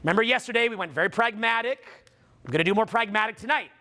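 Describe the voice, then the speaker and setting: High, bright, lively man giving a seminar talk. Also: fast. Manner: energetic, preachy, acts out voices, shouts for emphasis. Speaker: seminar speaker. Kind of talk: live motivational talk to a room.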